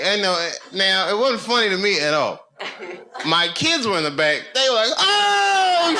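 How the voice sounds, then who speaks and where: A man's voice: sits high, noisy background. A man telling loose, profane, rambling stories as a stand-up comedian on a comedy club stage. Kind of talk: live stand-up storytelling.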